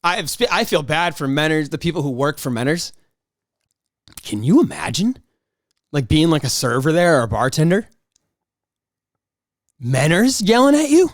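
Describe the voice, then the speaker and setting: Solo podcast host, a man with a higher voice, rambling and excitable, dry sound. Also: moderate pace, no room sound. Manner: rambling and excitable, frequent restarts and mock outrage.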